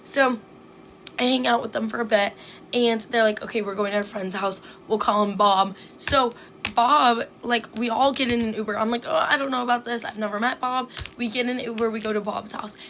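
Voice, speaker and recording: A young adult woman telling an embarrassing story to her viewers in a chatty, fast way, full of "like" and acted-out quotes. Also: a little high, fairly even intonation, fairly bright tone, slight background noise. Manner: chatty, fast, heavy use of "like", acts out quotes. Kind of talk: casual storytime chat.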